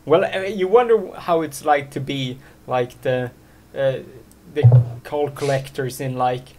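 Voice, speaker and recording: A man hosting a casual chat show, talking in a halting way with lots of fillers and easy laughs. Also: mid-range voice. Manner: halting, full of filler words, laughs easily. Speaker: podcast host.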